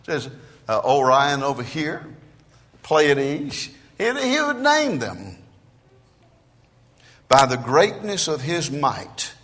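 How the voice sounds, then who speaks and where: A man preaches a sermon in a church with a bright, forceful tone. He moves between hushed asides and loud declarations, with a lively, swinging pitch. His voice carries a long reverb from the hall. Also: slow pace. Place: church sanctuary.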